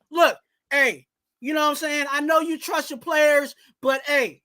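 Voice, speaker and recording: A man co-hosting a sports podcast, ranting loudly and animatedly, often tossing in "you know what I'm saying.". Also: extremely high pitch, measured pace. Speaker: podcast co-host.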